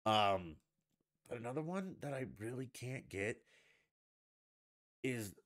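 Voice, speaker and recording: A man's voice: medium pitch, expressive, slow pace, a bit bright. A man hosting a stream in a casual, blunt rant, swearing freely. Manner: profane, blunt, ranting. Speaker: livestream host. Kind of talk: casual ranting chat.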